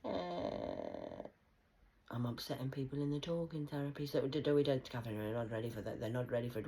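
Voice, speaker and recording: A woman rambling through a stream-of-consciousness monologue, punning and swearing, swinging between hushed whispers and loud outbursts. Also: extremely low pitch, very animated, a little fast, vocal fry, poor audio. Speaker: vlogger.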